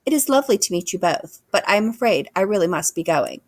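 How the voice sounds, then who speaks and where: A woman voicing a calm, polite female robot who speaks in a formal, measured way. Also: mid-range voice, no room sound, close to an everyday voice.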